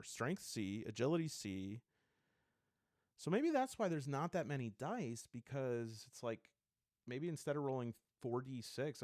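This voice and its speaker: A man's voice: mid-range voice, no echo, clean studio sound. A man casually flipping through and reviewing a tabletop game book, rambling and thinking aloud with enthusiasm.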